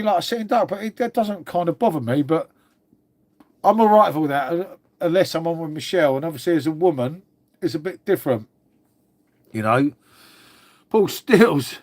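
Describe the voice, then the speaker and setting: A man's voice: on the high side, darkish tone. A middle-aged man from England hosting a casual live stream, rambling on, swearing freely and calling everyone mate.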